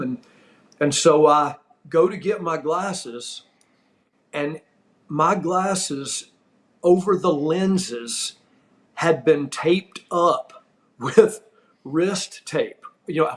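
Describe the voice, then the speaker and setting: A middle-aged man with a somewhat high-pitched voice recounts a story on his podcast. He talks casually and with feeling, repeats his words for emphasis, and chuckles through the funny parts. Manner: animated, laughs while telling the story; emphatic, repeats himself for effect. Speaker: podcast host.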